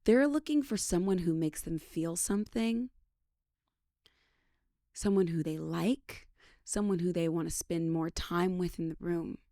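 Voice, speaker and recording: A woman from British Columbia hosting her show, telling a story in a chatty, animated way. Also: fairly low pitch, measured pace, no room sound, studio quality. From British Columbia, Canada. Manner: chatty and animated, acts out quotes. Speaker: podcast host. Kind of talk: casual storytelling monologue.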